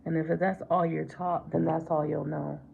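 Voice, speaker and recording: A middle-aged woman chats through a makeup livestream, greeting viewers by name and calling them babe. Her voice is low, dark and heavily gravelly. The sound is slightly dull and lo-fi, with a faint hiss behind it. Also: little pitch movement, normal speed. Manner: chatty, affectionate, calls viewers babe and baby. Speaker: livestream host. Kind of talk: casual makeup livestream chat.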